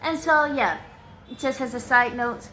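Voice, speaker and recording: A woman's voice: sits high, measured pace, sharp tone, soft background music, rough recording. Woman telling a story while cooking. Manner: conversational, emphatic retelling with restarts. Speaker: vlogger. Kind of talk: cook-along storytelling. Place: home kitchen.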